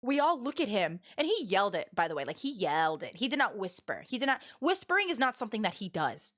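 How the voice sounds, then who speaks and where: A young woman streaming live, telling rambling stories to her chat in a loud, animated way with lots of fillers. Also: mid-range voice, quick pace. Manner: loud and expressive. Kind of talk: casual storytelling to a live chat.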